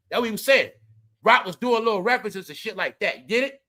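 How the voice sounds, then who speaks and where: A man giving animated, slangy casual commentary, often turning to his viewers. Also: sits high, quick pace. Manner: animated, slangy, keeps addressing the audience. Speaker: commentary vlogger.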